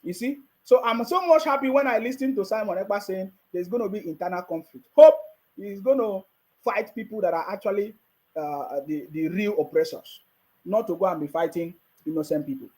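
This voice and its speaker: Man, Nigerian accent, very high voice, mocking, casual commentary. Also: brisk, darkish tone, low-quality recording. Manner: mocking, laughs often, repeats phrases. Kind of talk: casual live-stream commentary.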